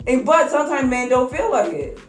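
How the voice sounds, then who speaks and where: A woman's voice: high voice, big pitch swings, a little fast. A woman in casual group chat, telling stories bluntly and profanely, often restarting her sentences. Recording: echoey room with loud music behind.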